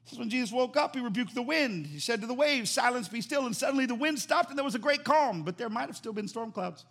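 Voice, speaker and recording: A man preaching a sermon as pastor, animated and emphatic, repeating phrases for emphasis. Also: extremely high pitch, fast talker.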